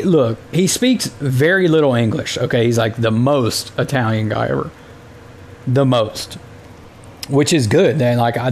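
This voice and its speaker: An American man with a mid-range voice runs a casual solo podcast, telling rambling, exasperated stories packed with filler words. There's a little background noise.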